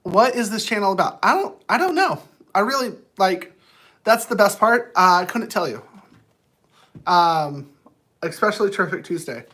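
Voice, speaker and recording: A man's voice: high-pitched, expressive, normal speed, long pauses, pushed and bright. A man hosting his own livestream, chatting to viewers in a playful, rambling way. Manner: playful, rambling, talks to chat. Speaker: livestream host. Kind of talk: rambling casual livestream chat.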